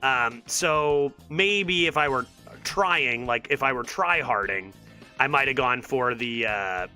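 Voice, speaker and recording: A man's voice: medium pitch, slow, bright, forceful tone, faint music behind. A man streaming a card game, exasperated and sarcastic as he thinks aloud and talks to his chat. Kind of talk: live gameplay commentary to chat.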